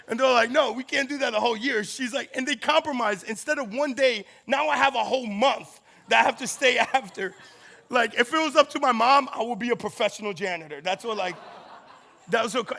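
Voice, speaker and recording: A high-pitched man tells a funny story from the pulpit, acting out the voices of the people in it. His voice is bright and forceful with a gravelly edge. He laughs often as he talks. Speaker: campus ministry speaker. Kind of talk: storytelling sermon.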